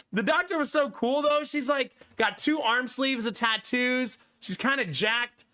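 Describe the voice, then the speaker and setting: A male streamer with a high, bright voice chats loosely with his live viewers. He keeps things easygoing and breaks into laughter often. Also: slow, pauses often. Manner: laid-back and chatty, laughing often. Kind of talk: casual chat with live viewers.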